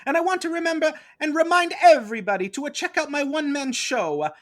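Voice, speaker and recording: A man putting on a cheery cartoon plumber with a broad, put-on Italian accent. He whoops his catchphrases in a bright, lively voice that swoops up and down. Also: very high-pitched, fast talker. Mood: chipper.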